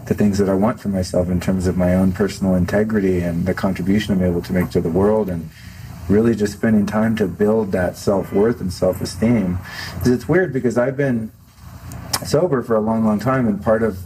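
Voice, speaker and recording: A man's voice: fairly low pitch, steady tone, brisk, dark tone, slight background noise, poor audio. A middle-aged man talking candidly and earnestly as a guest in a filmed interview, reflective and open, often restarting his sentences. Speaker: podcast host as interview guest. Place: studio set for a filmed talk show.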